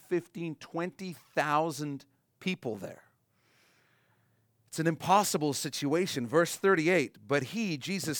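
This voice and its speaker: A man preaching a sermon in a conversational way, acting out little voices and slowing down to stress key lines. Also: fairly high pitch, no room sound, clean studio sound. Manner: conversational preaching, acts out voices, slows for emphasis. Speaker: pastor.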